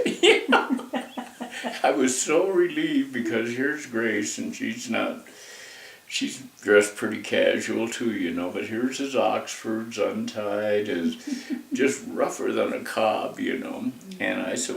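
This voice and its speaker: An older man with a very deep, gravelly voice rambles through family memories at an unhurried pace. He speaks in a folksy way and drifts into asides. The mic sits well away from him in an echoey room. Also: recorded from a distance. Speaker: interviewee telling family history. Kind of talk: casual storytelling.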